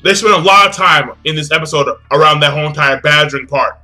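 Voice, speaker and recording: A man giving a casual, excited anime episode review, full of slang, swearing and repeated phrases. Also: fairly high pitch, quick pace, faint music behind.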